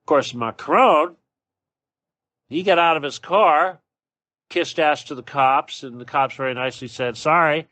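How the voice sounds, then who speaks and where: A man's voice: fairly high pitch, a little slow, pauses often, sharp tone, no room sound. A man hosting his own show, delivering a blunt, profane and sarcastic solo political rant. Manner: sarcastic, mocking. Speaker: show host.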